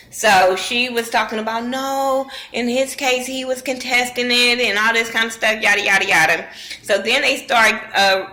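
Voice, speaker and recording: Woman gossiping thru a show recap, bright tense voice, cusses a lot, does everybody's lines. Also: medium pitch, low-quality recording. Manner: profane, animated, slangy. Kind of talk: casual recap with acted-out quotes.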